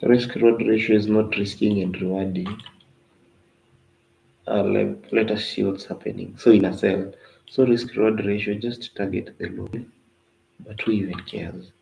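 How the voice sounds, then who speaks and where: A man's voice: on the low side, little pitch movement, moderate pace, gravelly, warm tone, slight background noise, rough recording. A young man with a tired voice, casually talking through forex charts on a live stream. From Kenya. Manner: loose, chatty, mixes in Swahili phrases. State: tired, voice going. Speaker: forex trading analyst.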